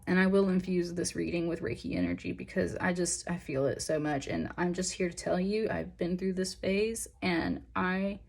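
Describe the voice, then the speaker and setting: A woman's voice: lowish voice, fairly even intonation, moderate pace, vocal fry, few pauses, a little mellow. A young woman giving a pick-a-pile tarot reading in an earnest, emotional, encouraging way, rambling with fillers. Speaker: tarot reader.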